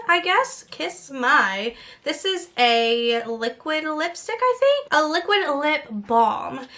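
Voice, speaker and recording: Bright, high-voiced chatty woman vlogger. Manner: chatty and frank, many fillers. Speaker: beauty vlogger. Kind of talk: casual unboxing chat.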